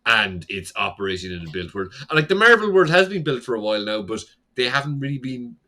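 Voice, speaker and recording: Rambling young man, bright tone. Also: medium pitch, very animated, quick pace. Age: young adult. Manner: rambling recap full of "like" and swearing. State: slightly tipsy. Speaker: podcast co-host. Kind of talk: casual chat.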